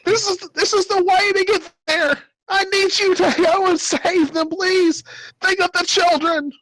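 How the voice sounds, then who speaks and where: A man voicing a panicked, frail old man with a long white beard who begs for help in frantic, pleading shouts. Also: very high-pitched, steady tone, unhurried, no room sound, pitched above the performer's own voice, poor audio.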